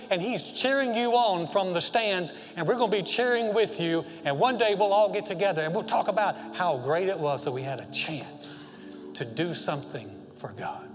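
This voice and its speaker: A male senior pastor preaching a sermon, impassioned, moving between loud exhortation and hushed tender passages. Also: high-pitched, moderate pace. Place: church sanctuary. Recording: long hall reverb.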